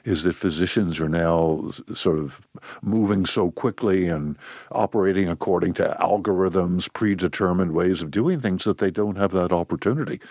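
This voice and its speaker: An older man, a physician, talking slowly and thoughtfully in an interview, with frequent restarts. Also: low-pitched, a little mellow, dry recording, studio quality. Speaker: physician guest. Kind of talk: reflective interview talk.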